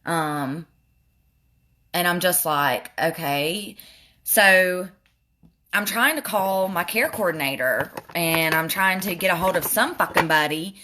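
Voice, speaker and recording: Bright-voiced woman venting while doing makeup. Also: fairly low pitch, takes it slowly. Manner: frustrated, animated storytelling with swearing. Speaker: beauty vlogger. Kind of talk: makeup tutorial with venting story.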